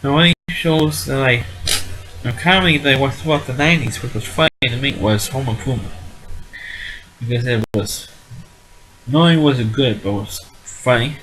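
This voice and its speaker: A man at an ordinary middle pitch rambles through a casual review of a sitcom. He is blunt and dismissive, repeats himself and keeps restarting his sentences as he goes. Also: normal speed, long pauses, low-quality recording. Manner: rambling, repetitive, restarts often.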